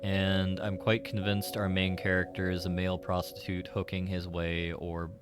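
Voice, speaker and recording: A man's voice: low voice, completely flat delivery, normal speed. A man casually commenting while playing a game on stream, rambling with many "like" fillers and side remarks.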